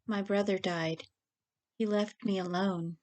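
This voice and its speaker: A woman's voice: medium pitch, fairly even intonation, darkish tone, natural voice. Woman reading a chatty, rambling young woman. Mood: tearful. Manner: talks in long nervous rushes.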